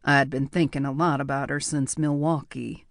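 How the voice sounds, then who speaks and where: A man reading a first-person audiobook in a measured, reflective way. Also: medium pitch, level tone, vocal fry, fairly bright tone, no room sound, studio quality. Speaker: audiobook narrator.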